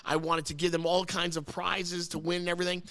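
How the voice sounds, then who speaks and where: A man's voice: high voice, little pitch movement, brisk, gravelly, a bit bright. A man from New Jersey hosting a casual chat, telling a long story in a rambling way, often repeating words and getting choked up. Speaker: host.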